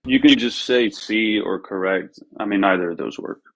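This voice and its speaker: A man's voice: on the low side, moderate pace, low-quality recording. A man calling in to a livestream, talking in an offhand, hesitant way. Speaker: caller. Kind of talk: casual call-in chat.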